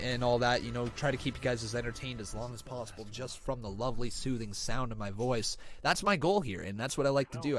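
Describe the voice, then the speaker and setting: Brief: male streamer, slightly raspy bass voice, mid-pitched, chatty with sudden excited spikes, home room, condenser mic. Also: slight background noise. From Ontario, Canada. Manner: chatty, reads viewer comments, bursts of excitement. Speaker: live stream host. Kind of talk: live wrestling reaction commentary. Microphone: condenser studio mic.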